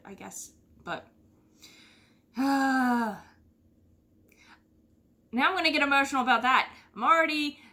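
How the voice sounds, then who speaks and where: A chatty middle-aged woman from the United States talks casually as a podcast host. Her voice is bright and forward, and she rambles through fillers and little sighs. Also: medium pitch. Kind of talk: casual chat.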